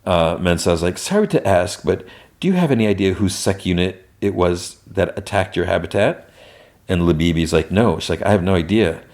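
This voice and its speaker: Recapping a TV episode for his podcast, a man speaks in a very low, deep voice with a darkish tone. The talk is relaxed and meandering, full of restarted sentences and passing lines quoted from the characters.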